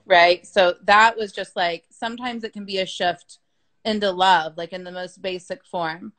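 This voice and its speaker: A woman's voice: medium pitch, steady tone, normal speed, fairly bright tone. A woman speaking in an easy, conversational way, full of filler words and the occasional swear word. She talks frankly and at length, the way one talks with a friend. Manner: frank, chatty, sprinkled with swearing and "like". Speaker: business coach being interviewed. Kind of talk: casual conversational interview.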